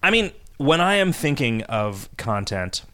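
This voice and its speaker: A man's voice: medium pitch, sing-song, measured pace, fairly bright tone. A man hosting a casual podcast, reading listener questions aloud and rambling about design in a loose, profane way. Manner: loose, profane, rambling with fillers and mocking voices. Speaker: podcast host and game designer.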